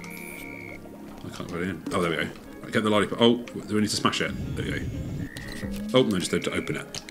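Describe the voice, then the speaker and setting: Woman, very deep voice, casual gaming chatter, encouraging, game music behind. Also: fairly quick. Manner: chatty, encouraging, narrates the game as she plays. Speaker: gamer playing co-op with a child.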